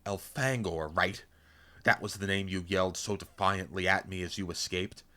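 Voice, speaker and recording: A man voicing a smug, cruel male alien commander who speaks softly with gloating delight. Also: deep voice, moderate pace. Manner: soft, gloating, delighted menace.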